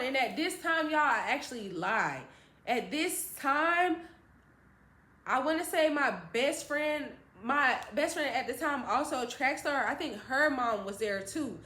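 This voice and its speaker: Animated high-voiced woman telling a story. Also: measured pace. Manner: animated, acts out other people's voices. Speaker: storytime vlogger. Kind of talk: casual storytelling. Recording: roomy echo.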